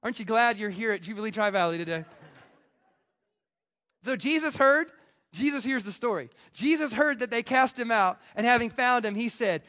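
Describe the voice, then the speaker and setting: Man, pastor, very high voice, animated sermon, acts out quoted voices, stammers and restarts. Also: moderate pace. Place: church.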